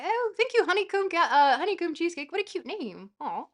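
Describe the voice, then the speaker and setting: High-voiced chatty woman streamer. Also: very animated, a little fast, hardly any pauses, fairly bright tone. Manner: chatty, giggly, thanks chat mid-reading. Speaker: streamer teaching philosophy. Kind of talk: casual livestream lesson, reading aloud with tangents.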